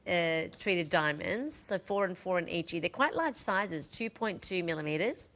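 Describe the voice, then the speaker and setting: A woman's voice: on the low side, expressive, moderate pace, hardly any pauses, a bit bright. A middle-aged woman presenting live home-shopping jewellery sales in a chatty, rambling way, talking straight to the viewers.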